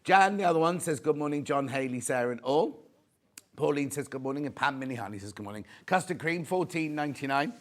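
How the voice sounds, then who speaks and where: A man's voice: fairly high pitch, lively intonation, quick pace. A man with a British accent hosting a live shopping channel, chatting and reading out viewer comments. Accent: British English. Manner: chatty, camp asides, reads viewer comments aloud. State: a bit out of breath. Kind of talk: live TV sales presenting.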